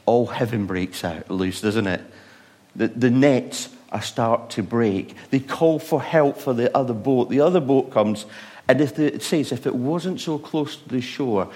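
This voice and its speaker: Animated male preacher telling stories. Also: mid-range voice. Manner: animated storytelling, rhetorical questions, swings from loud to hushed. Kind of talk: sermon.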